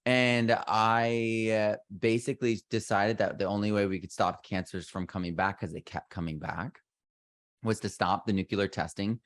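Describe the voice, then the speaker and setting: Middle-aged male guest, low register, rambling and self-interrupting, dry booth sound. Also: steady tone, moderate pace, no echo. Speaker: podcast guest. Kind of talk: casual interview conversation.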